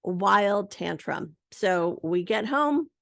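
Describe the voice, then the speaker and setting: Podcast lady in her 30s, gravelly fry in her voice, dry close sound, rambling story with lots of likes. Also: medium pitch, slow pace, no echo. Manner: chatty, lively, full of "like" and "you know". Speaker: podcast host. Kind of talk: casual storytelling monologue.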